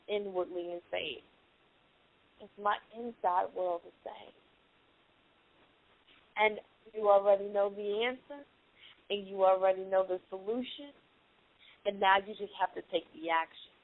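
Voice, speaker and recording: A woman's voice: mid-range voice, normal speed. A young adult woman hosting a motivational teleconference, earnest and emphatic, often repeating her key lines. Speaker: teleconference host, life coach. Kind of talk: motivational talk on a conference call. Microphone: phone. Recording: tinny phone line.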